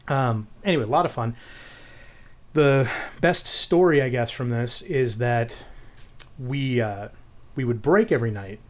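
A man's voice: mid-range voice, unhurried, long pauses. Man telling swear-laced casual stories. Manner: storytelling, swears casually, animated. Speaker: podcast co-host. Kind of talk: casual chat.

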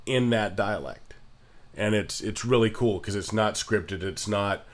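Casting: steady, thoughtful male co-host, lowish voice, lots of ums. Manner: measured, explains with many ums. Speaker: podcast co-host. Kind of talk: casual chat about accents.

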